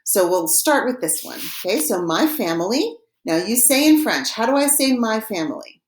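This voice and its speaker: A woman teaching a recorded vocabulary lesson, patiently giving each word and repeating it slowly for practice. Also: fairly high pitch, very animated, roomy sound. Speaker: French teacher.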